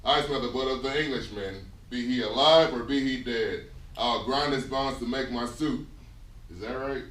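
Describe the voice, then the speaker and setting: A man playing a slow, blustering giant who fumbles his words in a stage skit. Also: mid-range voice, a bit bright, close to an everyday voice. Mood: bumbling. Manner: slow, bumbling, forgets his lines. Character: dim-witted, blustering male giant. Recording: echoey room from far off.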